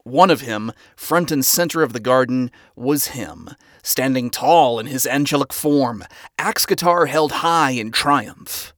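A man narrating a fan fiction story in a steady storytelling manner. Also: mid-range voice, unhurried, dry recording, clean studio sound.

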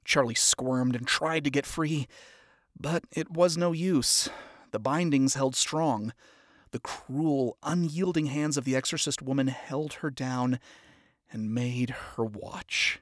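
A man narrating a dark story aloud with an expressive, dramatic delivery. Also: mid-range voice, slow, no echo, studio quality.

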